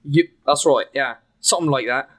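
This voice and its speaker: A man's voice: mid-range voice, moderate pace, a bit bright, natural voice. A man playing a dazed, glitching young man who stammers and piles on slang. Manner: stammering, slangy, repeating himself.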